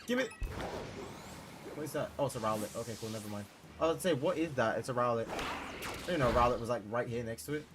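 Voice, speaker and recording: A man's voice: mid-range voice, fast, long pauses. A young man streaming a game live, talking to his chat and repeating himself as he gets worked up. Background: background music.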